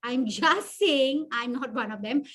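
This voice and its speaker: A woman's voice: sits high, a little slow, pushed and bright. A woman mentor teaching an interactive online workshop, chatty and self-deprecating, often putting questions to the audience. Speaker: webinar mentor.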